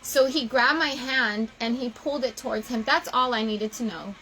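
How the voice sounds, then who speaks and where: A young woman talking casually to her viewers, animated and emotional, often gushing. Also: on the high side, normal speed, rough recording. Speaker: vlogger.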